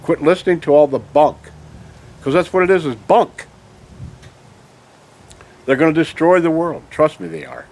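A man's voice: fairly high pitch, moderate pace, long pauses, darkish tone. An angry man delivering a ranting monologue to his viewers, full of emphatic rhetorical questions and tag "okay?"s. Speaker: video blogger.

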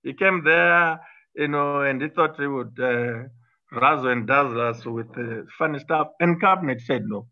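This lo-fi clip captures a former minister from Zimbabwe, a middle-aged man speaking at medium pitch and normal speed. Arguing combatively in a political interview, he often restarts and leans on fillers.

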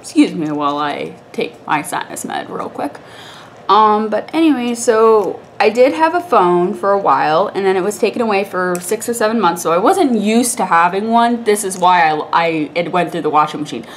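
A woman's voice: medium pitch, animated, normal speed, a little hiss or hum. A young woman vlogger with a congested, stuffy voice, telling a rambling story to the camera in a chatty way, laughing often.

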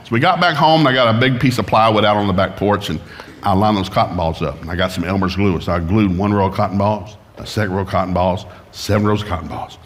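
A middle-aged man, preaching a comic sermon in a folksy, animated storytelling style. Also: lowish voice, quick pace. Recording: long hall reverb.

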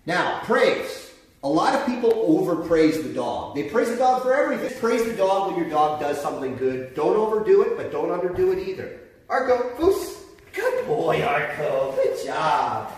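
A man's voice: high-pitched, very animated, a little fast, a little hiss or hum. A man explaining dog training as a trainer, in a plain, explanatory way with some fillers. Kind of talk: instructional explanation. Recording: very echoey, from far off the mic.

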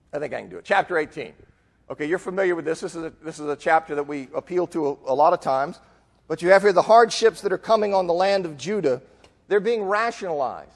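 A man's voice: on the high side, in a large hall. A man preaching a conversational Bible lesson to a church, acting out quoted voices as he goes. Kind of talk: sermon. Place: church auditorium.

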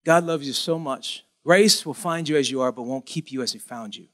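Animated high-voiced male preacher. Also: moderate pace. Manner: animated, acts out pleading voices in a high whine. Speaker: pastor. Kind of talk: sermon.

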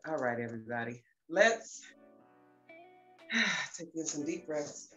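A woman's voice: deep voice, lively intonation, takes it slowly, sharp tone. A woman leading a guided breathing session, bubbly and laughing often, a little out of breath. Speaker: wellness class leader. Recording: echoey room with faint music.

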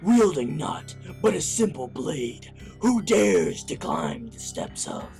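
A man playing an epic fantasy game narrator in a slow, grandiose, theatrical read. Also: a little high, wildly swooping pitch, gravelly, a little mellow, soft background music, exaggerated voice. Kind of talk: mock-epic reading.

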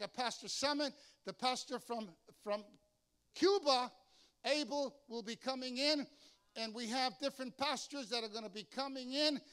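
An older man preaching a sermon as pastor, telling lively stories and acting out the voices of the people in them. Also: very high voice, clean tone. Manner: storytelling, animated, acts out voices in anecdotes. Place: church sanctuary.

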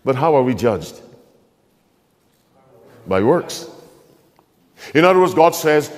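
Male preacher, middle pitch, emphatic sermon delivery, long reverb of a hall. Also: big pitch swings, a little mellow. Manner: slows and stresses key phrases, questions the congregation. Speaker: pastor.

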